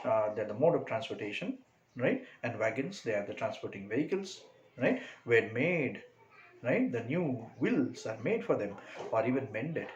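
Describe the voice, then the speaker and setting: A man with an Indian English accent teaches a school English lesson, breaking the text into plain words and checking in with "right?" again and again. His voice sits in a middle register. It carries a roomy echo over faint background noise. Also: mid-range voice. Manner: repeats "right?" often, with many fillers. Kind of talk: classroom prose explanation. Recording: echoey room with faint noise.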